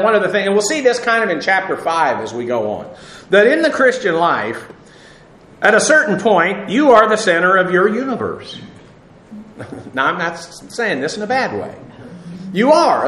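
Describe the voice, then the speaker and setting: Male Bible teacher, sermon style, fairly high voice, patient explainer with fillers. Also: fairly bright tone. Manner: unhurried, explanatory, many "uh" fillers, spells out Greek words. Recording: echoey room sound.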